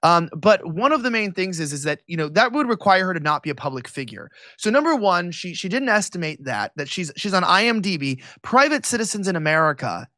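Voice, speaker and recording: A man being interviewed about politics, his voice pitched high for a man and cutting with a bright, forceful edge. He talks fast and sarcastically, with a mocking tone. The sound is dry and close, with no room around it. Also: big pitch swings, no echo. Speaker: political commentator, interview guest. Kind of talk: animated interview talk.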